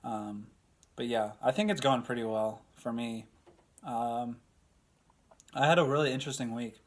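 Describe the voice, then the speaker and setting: A young man with an average, mid-range voice co-hosts a casual podcast. He tells stories in a halting, chatty way, with plenty of ums and likes. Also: medium pitch, fairly even intonation. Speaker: podcast co-host. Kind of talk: casual chat.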